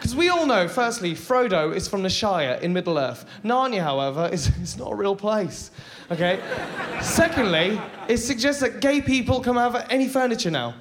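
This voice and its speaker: A man doing a stand-up comedy set on a live stage, animated and jumping into high mock voices for his bits. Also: normal speed.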